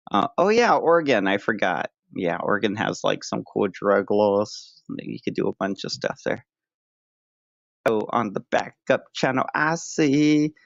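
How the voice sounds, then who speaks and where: A man's voice: mid-range voice, creaky, no room sound. A man streaming live and chatting with viewers, joking around in a crude, mock-tough way. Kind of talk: casual livestream chat. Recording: dull lo-fi dry sound.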